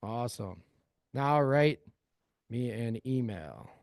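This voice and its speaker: A man's voice: medium pitch, animated, slow, a little mellow, no room sound, clean studio sound. A man leading a live screen-share workshop, talking energetically and calling his audience family. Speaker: real estate AI trainer.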